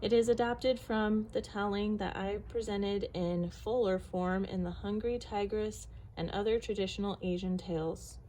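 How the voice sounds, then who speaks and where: Storyteller, woman, reads a picture book aloud with measured expression. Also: mid-range voice, fairly even intonation, dark tone, slight background noise, low-quality recording.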